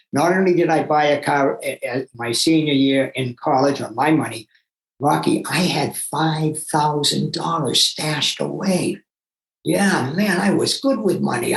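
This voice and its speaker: An older man from Massachusetts, a guest telling his own story in an animated, emphatic way with asides to himself. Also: mid-range voice, creaky. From Massachusetts, USA. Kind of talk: personal storytelling. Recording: roomy echo.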